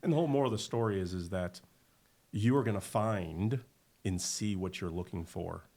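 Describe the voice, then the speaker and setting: A middle-aged man, a winery owner, talking as a guest in a casual podcast conversation, an animated and emphatic storyteller. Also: fairly low pitch, normal speed, creaky.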